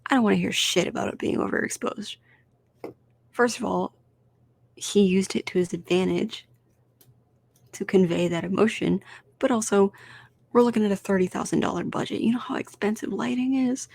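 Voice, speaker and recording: A woman hosting a casual solo podcast, animated and swearing freely as she rambles through film rankings. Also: mid-range voice, moderate pace, creaky, pauses often. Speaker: podcast host.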